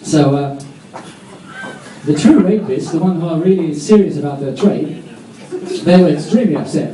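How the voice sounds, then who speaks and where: A man doing a live stand-up set on a comedy club stage, rambling with self-mocking, deadpan asides. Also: fairly high pitch, moderate pace. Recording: echoey club, distant mic, audience.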